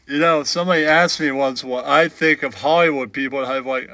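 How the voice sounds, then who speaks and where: A man doing a parody stand-up routine in a deadpan way, with a repeated catchphrase. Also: a little high, measured pace, no room sound. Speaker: comedian parody.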